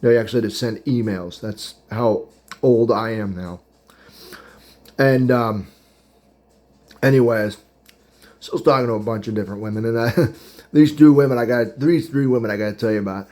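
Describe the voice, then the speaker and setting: A man in his thirties spins a rambling, casual story, stopping now and then to chew his food and chuckle. His voice sits at an ordinary middle pitch, and cutlery clinks and dishes clatter behind him. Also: normal speed, pauses often, darkish tone. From Pittsburgh area. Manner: rambling, chatty, laughs at his own story; eating while talking. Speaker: podcast host.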